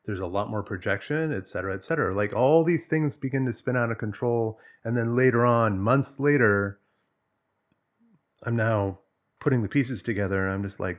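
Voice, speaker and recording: A man's voice: mid-range voice, measured pace, pauses often. A man working as a relationship coach, explaining in a loose, conversational way and telling stories with animation. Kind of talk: casual explanatory monologue.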